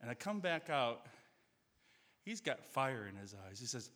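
A man's voice: medium pitch, sing-song, a little slow, bright, forceful tone, long reverb tail. A man preaching a sermon in a church sanctuary, earnest and telling stories with quoted dialogue.

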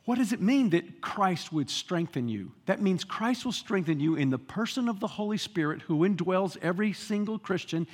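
A man's voice: high-pitched, lively intonation, moderate pace, hardly any pauses, big-room sound. A man preaching a sermon as pastor, emphatic and full of rhetorical questions and repetition.

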